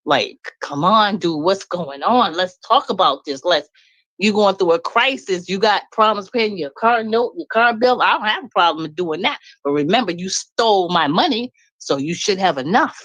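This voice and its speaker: A middle-aged woman talks bluntly and with a lot of feeling on a live stream. Her pitch leaps up when she is indignant, and she laughs between points. The sound is dry and close, with almost no room echo. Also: normal speed, lo-fi sound. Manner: blunt and animated, laughs often, swings high when indignant. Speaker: guest speaking on a live stream. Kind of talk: venting in casual live-stream chat.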